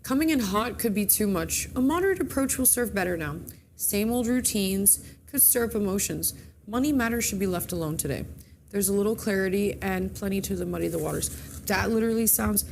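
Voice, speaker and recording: A woman's voice: medium pitch, lively intonation, a little fast, gravelly, a little mellow, a little hiss or hum. A woman co-hosting a morning show, casually reading the horoscopes and chatting, stumbling and correcting herself as she goes. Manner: chatty, reads with slips and self-corrections.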